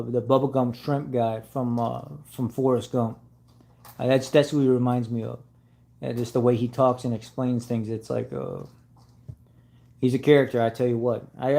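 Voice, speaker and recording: A man's voice: medium pitch, gravelly, mellow. A man hosting a casual car-channel live stream, rambling with fillers and restarts.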